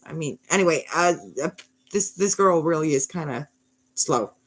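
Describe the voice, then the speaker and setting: A mother in her thirties tells a bedtime fairy tale wryly and ramblingly, peppering it with sarcastic asides. Her voice is low and her speed normal.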